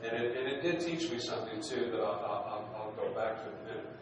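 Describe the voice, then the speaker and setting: A middle-aged man, a minister, tells a personal story from the pulpit in a relaxed, humorous, conversational way, often restarting his phrases. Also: lowish voice, fast talker. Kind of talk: storytelling sermon. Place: church sanctuary. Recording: very echoey hall, distant, noisy.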